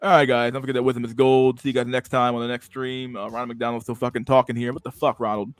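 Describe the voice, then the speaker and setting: A man's voice: mid-range voice, little pitch movement, fast talker, smooth, no room sound. A man hosting a livestream, talking in a sarcastic, profane and mumbling way. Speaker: streamer host. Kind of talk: casual livestream commentary.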